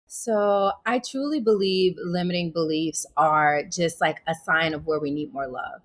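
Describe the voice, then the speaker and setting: A woman's voice: lowish voice, unhurried. A woman guest in an interview, telling a personal story in a casual way and laughing often as she talks. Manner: animated, laughs while telling stories. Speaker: interview guest, yoga teacher.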